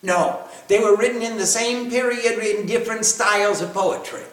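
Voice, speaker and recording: A man's voice: high voice, steady tone, normal speed, a bit bright. A man giving a spiritual discourse and answering questions, playful and self-mocking, often laughing. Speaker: spiritual teacher. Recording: echoey room, picked up from a distance.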